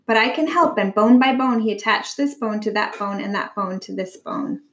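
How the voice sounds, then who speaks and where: A woman reading a picture book aloud to her child at home, expressive and animated, stopping to ask the child questions. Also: mid-range voice, normal speed, a little hiss or hum.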